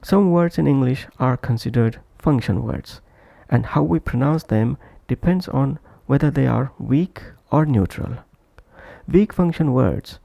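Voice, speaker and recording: Slow gravelly guy teaching english pronunciation, says example words over and over, dry close sound. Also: medium pitch, warm tone, no echo. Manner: deliberate, repeats example words to model stress. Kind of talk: slow scripted lesson narration.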